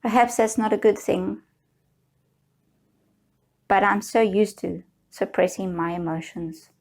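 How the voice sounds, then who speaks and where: A woman guiding viewers through a slow, soothing tapping session, leading them in repeated affirmations. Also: mid-range voice, darkish tone. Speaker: EFT tapping guide.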